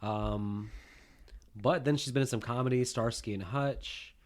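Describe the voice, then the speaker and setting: A man's voice: medium pitch, unhurried. A man co-hosting a casual movie review chat, rambling and correcting himself as he goes. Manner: rambling, self-correcting, teasing. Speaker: podcast co-host.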